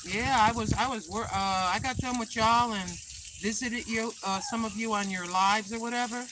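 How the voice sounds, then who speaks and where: A woman's voice: a little high, normal speed, background noise. An older woman chatting casually to viewers while watering her garden outdoors, filming on a handheld phone. She sounds tired and refers to herself as Granny. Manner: chatty, self-talking, calls herself Granny. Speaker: vlogger. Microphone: handheld phone camera.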